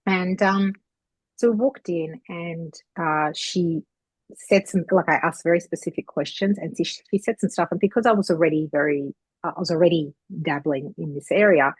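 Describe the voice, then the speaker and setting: A woman with a low, husky voice tells a long chatty story in a relaxed podcast conversation. She rambles and jumps into quoting others along the way. The recording is close and dry. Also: moderate pace, dry recording, rough recording. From Australia. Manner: chatty, rambling, animated retelling with acted quotes. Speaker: psychic medium guest. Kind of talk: casual storytelling chat.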